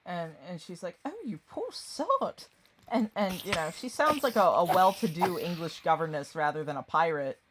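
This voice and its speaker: A woman's voice: lowish voice, normal speed, hardly any pauses, noisy background. A woman streaming a game, chatting casually and rambling, often distracted. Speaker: gaming streamer. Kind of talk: casual chat while gaming.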